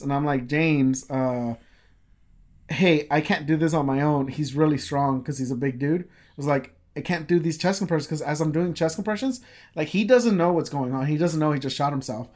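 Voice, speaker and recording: A man's voice: a little high, moderate pace, a little mellow. A man telling a story in casual chat, rambling with lots of fillers and swearing freely.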